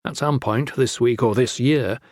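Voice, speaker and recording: A man tells a fantasy story for an audiobook, keeping his narration steady and measured. His voice sits mid-range, and the studio-quality recording carries no room sound.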